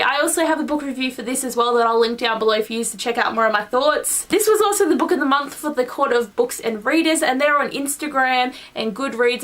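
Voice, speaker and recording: A woman's voice: sits high, a bit bright, distant mic. A young woman vlogging her monthly reading wrap-up in a rambling, gushing way, full of "like". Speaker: book vlogger. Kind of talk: casual monthly book wrap-up.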